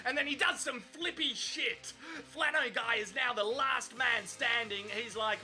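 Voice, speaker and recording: A man's voice: very high-pitched, moderate pace, pushed and bright, faint music behind. A man with an Australian accent giving profane, cheeky comic voice-over commentary as host.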